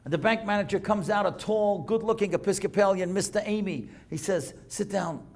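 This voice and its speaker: A gravelly-voiced new rabbi tells a story in a synagogue lecture hall, his male voice sitting high and moving a little fast. A dramatic storyteller, he drops to a hush at emotional moments and rises for emphasis.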